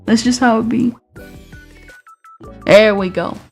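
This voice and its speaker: A woman's voice: fairly high pitch, fairly even intonation, takes it slowly, faint music behind. A young woman streamer with a slight Southern twang, chatting casually and laughing often, sometimes stuttering and restarting. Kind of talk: casual chat.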